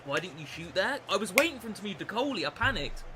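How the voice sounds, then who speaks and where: A young British man streaming a football game, swearing, self-mocking and excitable. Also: sits high, quick pace, noisy background. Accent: British English. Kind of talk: gaming live stream commentary.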